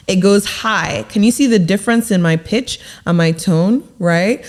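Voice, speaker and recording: Emphatic young woman giving confidence advice. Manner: emphatic and deliberate, drops her voice low to stress points. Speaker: confidence coach. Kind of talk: motivational advice to camera.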